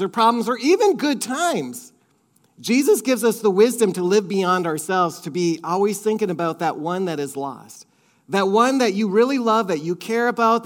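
High-voiced man preaching earnestly. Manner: earnest, conversational preaching with repeated phrases. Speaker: pastor. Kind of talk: sermon.

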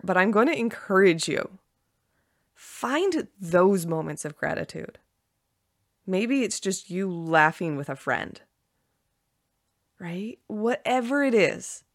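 A woman with a slightly low voice hosts her own podcast, talking with bright enthusiasm and slipping into excited quoted asides. The sound is dry and close, with no room around it. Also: no room sound. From Canada. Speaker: podcast host. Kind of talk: solo podcast talk.

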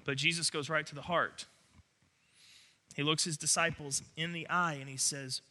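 A man's voice: on the high side, fairly even intonation, a little slow, bright, forceful tone. A man preaching a sermon, earnest and emphatic, often restarting his words. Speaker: pastor.

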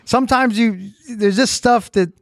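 Cast: male co-host, higher pitch, joking and sincere, dry close mic. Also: unhurried, gravelly, dry recording. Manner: jokey, reflective, laughs easily. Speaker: podcast co-host, school owner. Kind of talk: casual chat.

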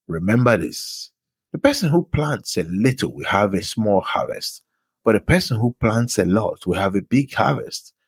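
A man's voice: fairly low pitch, breathy edge, dry recording. A man reading Bible verses aloud, announcing each book and verse before reading it with emphasis. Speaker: scripture reader.

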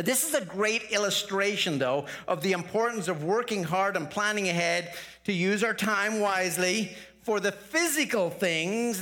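A man's voice: a little high, pushed and bright. Earnest man preaching a sermon. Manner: earnest, conversational, frequent restarts. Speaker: pastor.

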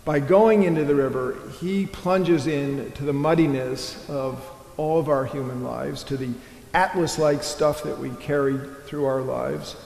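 A man's voice: fairly high pitch, a little mellow. A man preaching an earnest, rambling sermon as a priest, often stopping to restart his thoughts. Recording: echoey church hall.

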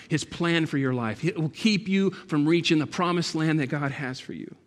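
A man preaching a sermon in a church, emphatic and building to loud, passionate peaks. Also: mid-range voice. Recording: long hall reverb.

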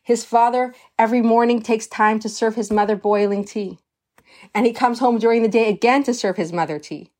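A woman's voice: a little high, steady tone, a little fast, a little mellow. Earnest woman teaching Torah. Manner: earnest, emphatic, sprinkles Hebrew terms. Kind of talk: storytelling lesson.

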